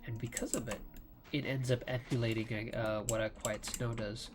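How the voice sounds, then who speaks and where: A man giving slow, rambling commentary over his gameplay, with lots of fillers. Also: medium pitch, little pitch movement. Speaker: let's play gamer. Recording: loud keyboard clicking throughout. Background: keyboard typing and clicks.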